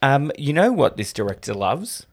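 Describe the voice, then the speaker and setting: A man's voice: medium pitch, sing-song, normal speed. Wry man in casual chat. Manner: wry, sarcastic asides. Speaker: podcast co-host, film reviewer.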